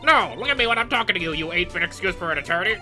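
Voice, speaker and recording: A man's voice: animated, racing, soft background music, exaggerated voice. A man voicing a rude, pompous ventriloquist puppet with a mid-Atlantic accent, in a fan voice-over of a game. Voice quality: shouty, insulting, high-pitched.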